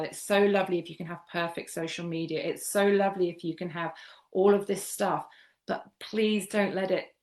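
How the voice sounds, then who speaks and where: A woman from the UK, a guest homeopath chatting casually in a podcast interview, often repeating words for emphasis and laughing easily. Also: lowish voice.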